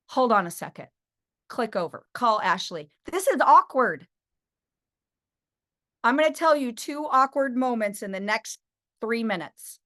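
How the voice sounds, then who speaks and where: Animated woman telling sales stories. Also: fairly high pitch. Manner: animated storytelling, acting out phone calls. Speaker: sales trainer. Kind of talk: energetic training talk.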